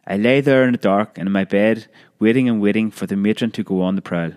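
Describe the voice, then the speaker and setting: Low-voiced man reading a memoir. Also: a little mellow, clear, resonant tone. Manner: measured, with occasional restarts. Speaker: narrator.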